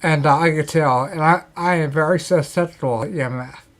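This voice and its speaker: A man, a guest on a talk show, telling paranormal stories in casual chat, animated and acting out quotes. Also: a little high, fairly quick. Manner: animated storyteller, acts out quotes.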